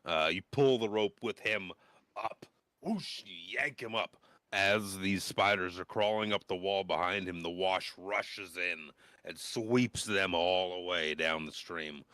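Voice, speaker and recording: A man's voice: low voice, a little slow, pushed and bright, smooth, no room sound. A young man running a tabletop game as game master, narrating in a loose, slangy way.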